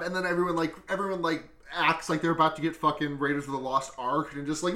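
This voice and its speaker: A man's voice: on the high side, fairly quick, hardly any pauses, reverberant. A male podcast host recapping a movie in a casual, profane, giggly way. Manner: profane, giggly, animated retelling.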